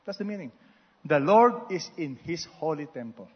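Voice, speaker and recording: A man preaching a sermon, swinging between loud exhortations and soft asides and having the congregation repeat after him. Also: fairly high pitch, lively intonation, normal speed, breathy edge. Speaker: pastor. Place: large church hall. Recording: muffled sound with long hall reverb.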